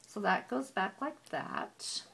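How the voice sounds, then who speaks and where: A woman casually walking through a handmade scrapbook album, chatty and gushing, with frequent "um" pauses. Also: mid-range voice, huge pitch swings, vocal fry, fairly bright tone, breathy edge. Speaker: papercraft hobbyist.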